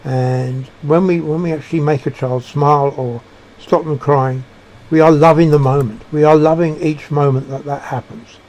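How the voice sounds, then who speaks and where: A man giving a reflective monologue, halting and searching for words with frequent restarts. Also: on the high side, steady tone, a little mellow. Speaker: speaker sharing personal beliefs.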